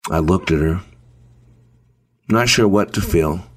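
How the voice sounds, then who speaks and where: A man telling a dramatic first-person story in a measured way, with deliberate pauses. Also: deep voice, husky.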